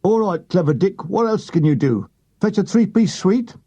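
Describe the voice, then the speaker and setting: A man's voice: high voice, expressive, moderate pace, warm tone, husky, dull audio, full character voice. A man doing a whingeing young British gunner. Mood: sarcastic.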